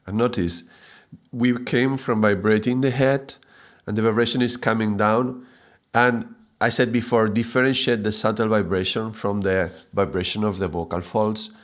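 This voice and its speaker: A man teaching a mantra chanting lesson, patiently explaining sounds and chanting drawn-out syllables. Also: on the low side, steady tone.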